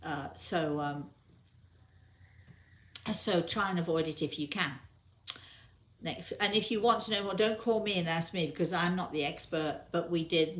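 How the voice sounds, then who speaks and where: A woman's voice: low voice, roomy sound. A woman with an English accent, hosting a casual live chat and laughing often. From England. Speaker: host.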